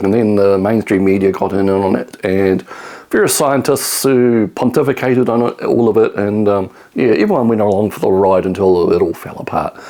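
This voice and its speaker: A man's voice: on the low side, warm tone. Rambling New man talking books. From New Zealand. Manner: rambling, many ums and restarts. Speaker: book reviewer. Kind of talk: casual book haul talk.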